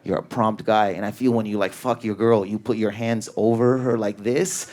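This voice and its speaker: A man with a steady, slightly mellow voice does a stand-up set in a club on a stage mic, with live audience laughter audible. He riffs on an audience member with raging, neurotic, high energy, swearing a lot and firing off rapid bits.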